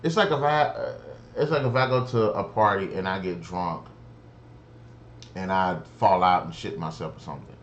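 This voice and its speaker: Male reviewer, lower register, exasperated and profane, rambly delivery, light background noise. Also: moderate pace, dull audio. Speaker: show reviewer. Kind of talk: casual spoken review.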